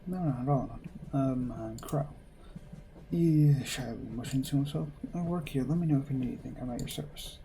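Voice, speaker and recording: A man's voice: mid-range voice, normal speed, a little hiss or hum, close to an everyday voice. A man doing Crow, the shy polite attendant. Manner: soft-spoken, courteous, slightly nervous. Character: shy, polite young male train attendant.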